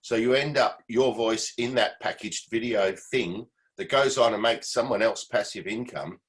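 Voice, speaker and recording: Participant: man, lowish voice, rambling advisory talk over a video call. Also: moderate pace, low-quality recording. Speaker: meeting participant, former session musician. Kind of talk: casual video-call chat.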